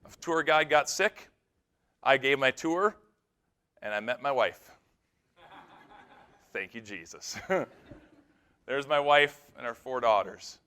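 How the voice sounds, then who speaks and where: A male pastor delivers a conference keynote as a string of stories. His voice sits a touch high for a man, and he tells each story with energy, swinging from loud bursts down to quiet, serious moments. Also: slow, creaky. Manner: animated storyteller, shifts from loud to hushed. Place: conference stage.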